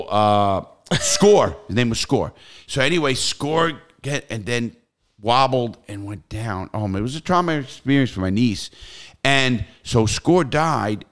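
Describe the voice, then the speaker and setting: An older man tells a long, wandering story on a podcast. His voice sits a bit low, and he curses freely. He restarts his sentences often as he goes. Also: a bit bright. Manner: rambling storyteller, swears freely, many restarts. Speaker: podcast host. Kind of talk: casual podcast chat.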